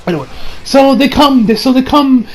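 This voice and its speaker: A man's voice: extremely high pitch, moderate pace, a little mellow. A man giving a casual anime episode review, gushing and rambling with lots of fillers.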